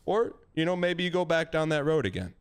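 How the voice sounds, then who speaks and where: Male streamer, slightly higher voice, blunt and animated advice-giver. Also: fairly quick, clear, resonant tone. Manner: blunt, animated, acts out quoted lines. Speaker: streamer giving dating advice. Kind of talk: casual advice chat.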